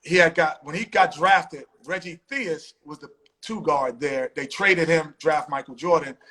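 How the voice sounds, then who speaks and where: A man hosts a relaxed live conversation and tells stories with animated energy, acting out what other people said. His voice sits high and rings bright. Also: measured pace, poor audio. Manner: animated storytelling, acts out quotes. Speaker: host. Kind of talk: casual live-stream chat.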